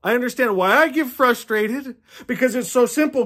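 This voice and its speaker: On his channel, a man in his fifties reads a novel aloud, stopping for impassioned, preachy asides and chuckling often in earnest read-along commentary. His pitch is extremely high, his speed normal, and his tone a bit bright.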